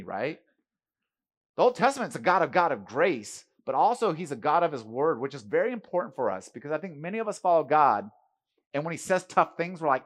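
A man's voice: fairly high pitch, big pitch swings, brisk. Conversational male preacher. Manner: emphatic, conversational, asks the crowd "right?". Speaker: pastor. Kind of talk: sermon.

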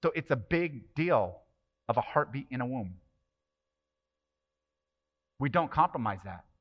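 A man's voice: mid-range voice, very animated, unhurried, lo-fi sound. A man preaching a sermon as pastor, passionate and emphatic, with many rhetorical questions.

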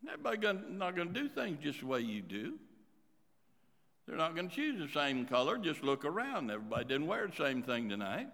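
A man preaching a sermon as pastor, swinging between loud emphasis and quiet asides. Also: a little high, big pitch swings, brisk. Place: church sanctuary. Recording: reverberant church hall.

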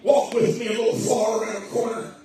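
Impassioned high-voiced preacher in an echoing hall. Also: male voice, flat delivery, fairly quick, slight background noise. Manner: impassioned, alternating shouts and hushed tones. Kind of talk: revival sermon. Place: church sanctuary during a service. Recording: echoey church hall heard from a distance.

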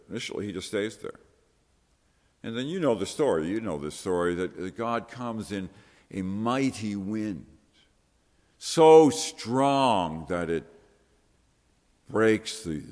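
A man's voice: low voice, long reverb tail. A man preaching a sermon in an earnest, conversational way, with rhetorical questions to the listeners.

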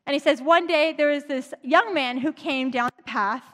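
A woman's voice: sits high, normal speed, fairly bright tone. A woman preacher retelling a story in a chatty, conversational sermon, in a church. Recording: long reverb in a large hall.

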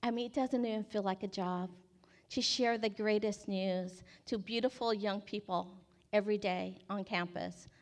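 A woman in her forties giving a personal faith testimony as a campus ministry staff member, animated and acting out her own past words as she tells the story. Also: mid-range voice, normal speed.

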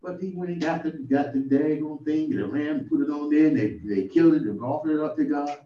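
A man preaches an informal sermon, telling the story in a folksy way and climbing to exclamations. His voice sits a little high and comes from away from the mic. The room is echoey, and the recording is dull and muffled. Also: a little fast, far from the mic.

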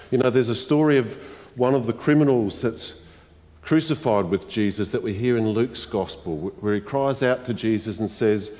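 A man preaching a sermon as the pastor of a church congregation, in a slow, reflective way, often asking the listeners questions. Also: medium pitch, a little mellow. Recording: long reverb of a church hall.

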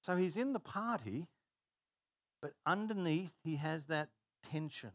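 Animated male preacher telling stories. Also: on the high side, measured pace, long pauses, no room sound. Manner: animated storytelling, laughs at own jokes. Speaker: pastor. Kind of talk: sermon.

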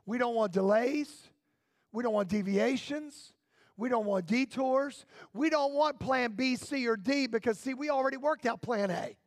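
Guy preaching in church, real high pitched, fired up, keeps asking why why why and shouting. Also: moderate pace, no room sound, clean studio sound. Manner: impassioned, repetitive rhetorical questions, rising to shouts. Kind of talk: sermon.

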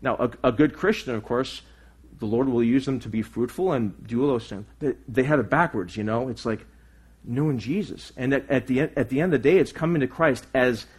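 Husky, earnest male preacher. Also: medium pitch, a little fast, a little mellow. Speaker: pastor. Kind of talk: sermon.

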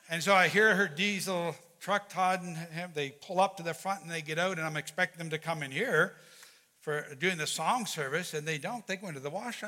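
A man preaching as a pastor, praying and telling a story in an earnest, animated way, often repeating his words. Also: a little high, a little fast. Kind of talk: sermon with prayer and storytelling. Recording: long hall reverb.

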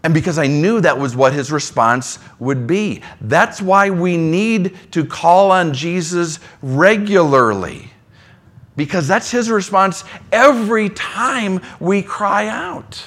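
A man's voice: animated, slow. Conversational man preaching a sermon. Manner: conversational, swings between soft low asides and emphatic lines. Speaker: pastor.

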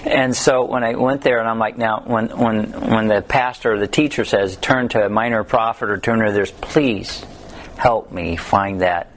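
A man's voice: fairly low pitch, fairly even intonation, normal speed, slight background noise. Man teaching a casual Bible study. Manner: conversational, tells humorous stories, reads scripture aloud.

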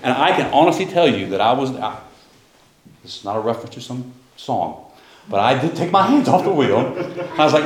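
A very animated middle-aged pastor preaches briskly in a roomy-sounding church sanctuary, his voice mid-range. His sermon drifts into a personal story, told in a conversational style full of restarts.

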